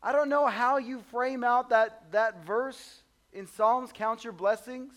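A man preaching a sermon in a conversational, humorous way, swinging between soft low asides and loud high exclamations. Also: fairly even intonation, slow pace. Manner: conversational and humorous, acts out voices of the disciples. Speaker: pastor.

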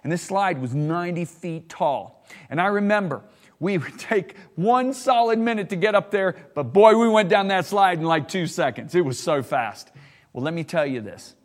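A middle-aged preacher delivers his sermon with emphasis, stretching out the words that matter and leaping up in pitch when he is stirred. His voice sits a bit high for a man and rings with a long hall reverb. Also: expressive. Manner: emphatic, slows for key words, bursts up in pitch when worked up.

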